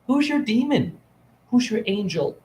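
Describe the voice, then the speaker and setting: A man's voice: extremely high pitch, very animated, a little slow, darkish tone, reverberant, slight background noise. A man in a rambling, playful, preachy teaching monologue, filmed on his phone. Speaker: spiritual teacher. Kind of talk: casual teaching monologue to camera. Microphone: phone camera.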